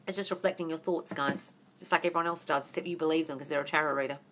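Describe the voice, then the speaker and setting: A woman answering viewers' questions on a live phone stream, talking fast and bluntly, swearing and calling everyone darling. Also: deep voice, steady tone, a bit bright. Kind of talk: casual live Q&A.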